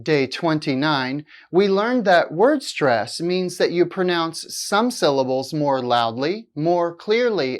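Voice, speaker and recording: A woman teaching English, reading a scripted lesson slowly and deliberately, with exaggerated stress on key words. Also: low voice.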